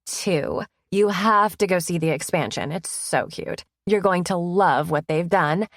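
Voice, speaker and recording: A woman's voice: on the low side, unhurried, fairly bright tone, dry recording, studio quality. A woman voicing a bubbly, tipsy young woman who teases her friend in an audiobook. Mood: teasing. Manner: teasing, upbeat.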